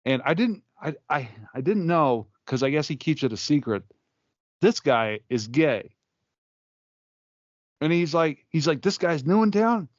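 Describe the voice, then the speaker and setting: Male comedian co-host, rambling storyteller, mid-pitched, dry and muffled podcast sound. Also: lively intonation, unhurried, long pauses, dry recording. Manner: rambling anecdotes with restarts and acted-out quotes. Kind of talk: casual podcast banter.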